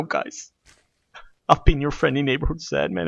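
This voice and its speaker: Excitable gravelly man narrating gameplay. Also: medium pitch, normal speed, pauses often, no echo, highs cut off. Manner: excitable, mock-grand and self-mocking. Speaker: gaming video host. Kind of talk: let's play commentary.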